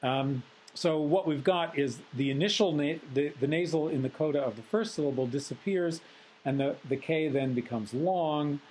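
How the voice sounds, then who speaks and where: Measured, analytical male lecturer. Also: on the high side, a little mellow, a little hiss or hum, poor audio. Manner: measured and analytical, with frequent filler sounds. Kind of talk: recorded phonetics lecture.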